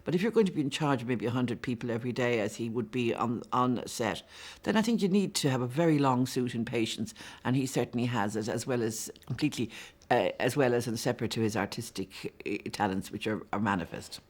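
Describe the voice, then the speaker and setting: A chatty woman in her sixties, a novelist answering interview questions warmly, often repeating words as she goes. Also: very deep voice, brisk. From Ireland. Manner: warm, chatty, lively with frequent repeated words.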